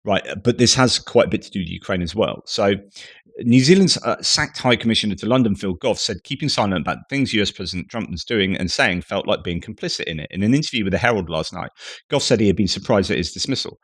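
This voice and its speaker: A man's voice: fairly low pitch, lively intonation, fast talker, a bit bright, no echo, clean studio sound. A man commenting on the news, reading quotes and then discussing them in a loose, conversational way. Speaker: geopolitics commentator.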